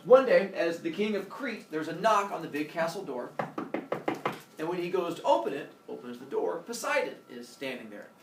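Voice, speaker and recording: A man casually retelling a myth with playful, animated delivery and silly character voices. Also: fairly high pitch, moderate pace. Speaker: storyteller. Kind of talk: casual oral storytelling. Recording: echoey room, mic from far off, faint noise.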